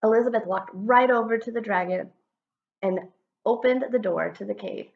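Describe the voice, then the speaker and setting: A woman, an art teacher, reading a children's storybook aloud with animated storytelling. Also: mid-range voice, moderate pace, gravelly, phone-quality sound. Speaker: guest reader, art teacher. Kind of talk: expressive story read-aloud.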